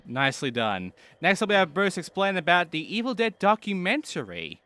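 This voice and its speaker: A man's voice: sits high, big pitch swings, fairly quick, pushed and bright, no room sound. A man hosting a let's play, commenting on gameplay in an offhand, profane way.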